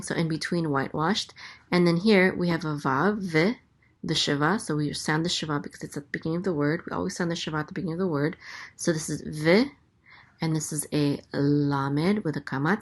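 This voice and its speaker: Low-voiced woman teaching Hebrew letters. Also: fairly bright tone. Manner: slow and explanatory, with many fillers and self-corrections. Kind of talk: casual spoken lesson.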